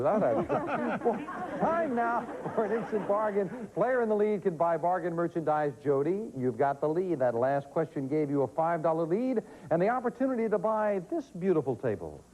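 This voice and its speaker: A man hosting a quiz show, reading questions and joking with contestants in quick patter, on a noisy 1980s TV tape. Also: high voice, very animated, a crowd in the background. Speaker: game show host.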